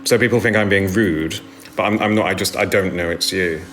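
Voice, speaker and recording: A man's voice: sits low, fairly quick, fairly bright tone, faint music behind. Chatty man on a live stream. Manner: chatty, rambling, self-deprecating, reads comments aloud. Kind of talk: casual live stream chat. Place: indoors at home.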